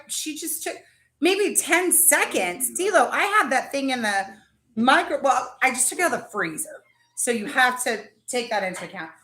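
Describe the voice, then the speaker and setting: A woman hosting a casual live chat from her kitchen, excitable and gushing about food. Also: high voice, echoey room. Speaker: livestream host.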